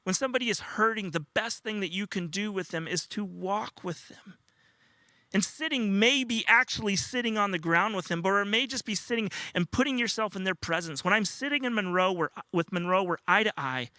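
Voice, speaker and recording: An older male pastor delivers a heartfelt sermon in a high, bright voice. He tells stories earnestly and sometimes acts out a small child's cries. The sound is dry and close. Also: a little fast, no echo.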